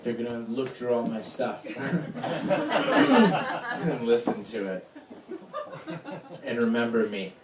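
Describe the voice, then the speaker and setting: A man doing stand-up, halting and chuckling at himself. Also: medium pitch, steady tone. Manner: halting, self-amused. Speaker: comedian. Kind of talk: stand-up chat. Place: small bar performance room. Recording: echoey room, distant mic, crowd noise.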